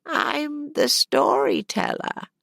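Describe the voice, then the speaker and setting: A woman's voice: expressive, vocal fry, no echo, clean studio sound, exaggerated voice. A woman voicing a chatty, bossy old woman over eighty who tells stories at an inn. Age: over 80 (figure). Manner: high, slow and loud calls.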